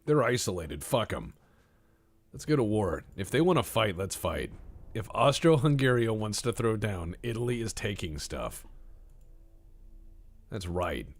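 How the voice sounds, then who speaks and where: A man's voice: lowish voice, sing-song, measured pace, long pauses. A man streaming a naval strategy game, giving playful, rambling commentary with jokey asides to his chat. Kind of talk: casual live-stream commentary.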